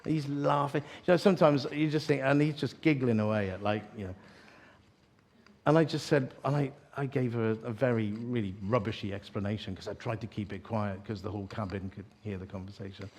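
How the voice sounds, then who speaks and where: A man's voice: on the low side, fairly quick, darkish tone. Male preacher, story-led sermon, self-mocking and chatty, lots of false starts. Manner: chatty, self-deprecating humor, frequent restarts. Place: church evening gathering.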